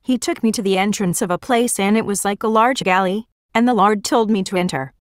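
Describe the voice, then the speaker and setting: A woman's voice: medium pitch, fairly quick, no echo. Woman narrating in a dry, close sound. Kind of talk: first-person religious vision testimony.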